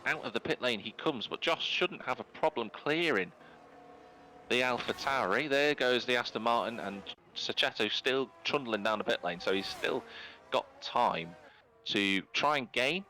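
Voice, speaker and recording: A male race commentator calls the action lap by lap in a brisk, lively play-by-play. His voice is bright and forward, pushing up in pitch whenever there is a crash or an overtake. A faint hiss of noise sits behind him. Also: poor audio. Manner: brisk play-by-play, rising with incidents. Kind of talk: live esports race commentary.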